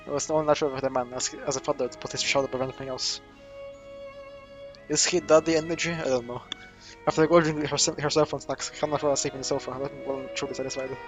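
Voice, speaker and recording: A man voices all the characters of a visual novel in a let's play, reading very fast in a level, mid-range voice with little variation. He casually adds asides and keeps stumbling and fixing his words, with faint music in the background.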